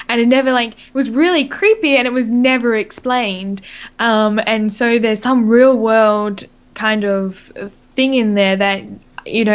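A woman co-hosting a casual live podcast, chatty and excitable, with lots of "like" in her speech. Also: medium pitch. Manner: chatty and excitable, many likes. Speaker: podcast co-host.

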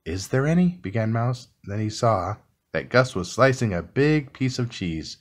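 A man reading a classic children's book aloud in a calm, soothing bedtime style. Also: on the low side. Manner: slow, soothing, expressive reading. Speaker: storybook reader.

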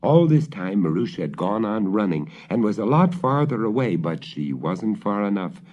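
A man's voice: on the low side, big pitch swings, normal speed, darkish tone. A man reading a folk tale aloud in a theatrical, relishing manner, on a dull old recording. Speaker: storyteller. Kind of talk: dramatic storybook reading.

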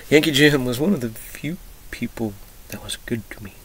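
A man from Texas talking through his memories in a rambling personal monologue, emotional and profane, drifting from loud outbursts into whispers. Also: medium pitch, normal speed, a little hiss or hum, rough recording. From Texas, USA. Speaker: vlogger.

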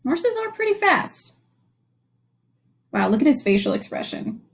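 Her voice is high and gravelly, and she keeps a measured pace while reading a picture book to a group of children. This young teacher brings the story to life and poses questions to the kids as she goes.

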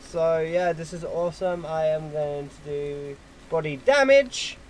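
A man giving casual gameplay commentary at his computer, excitable and quick to swear at opponents. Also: on the high side, a little hiss or hum, rough recording. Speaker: gaming YouTuber.

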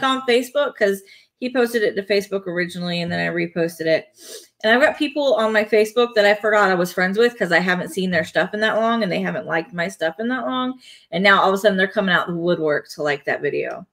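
A woman's voice: medium pitch, quick pace, a bit bright. A woman chatting playfully on a live stream from home, laughing between remarks as she builds a toy set. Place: home, indoors.

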